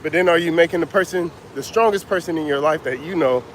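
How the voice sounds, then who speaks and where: Breathless high-voiced man coaching outdoors. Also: quick pace. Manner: casual, reads out viewer names. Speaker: motivational coach. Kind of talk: outdoor livestream talk. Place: outdoors by a street. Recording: faint street noise outdoors. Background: traffic.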